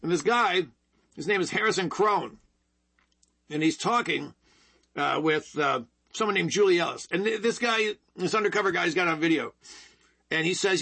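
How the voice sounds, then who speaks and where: High, husky-voiced man ranting as host. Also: normal speed, pauses often, bright, forceful tone. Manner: emphatic and repetitive, keeps addressing listeners as folks. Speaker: political talk show host. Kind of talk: opinionated political commentary monologue.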